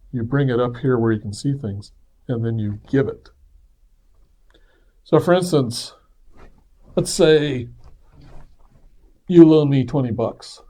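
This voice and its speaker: Earnest and conversational, he talks through his own reflections in a dark, medium-pitched voice. When he quotes others, he acts out their voices.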